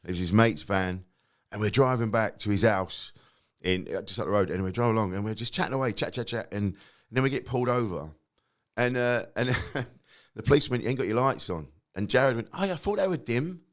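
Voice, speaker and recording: A middle-aged comedian tells his anecdotes in a fairly low voice. He acts out the other people's lines as he goes and swears freely. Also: brisk. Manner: lively storyteller who acts out quotes, swears freely. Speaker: guest comedian. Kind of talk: casual anecdote telling.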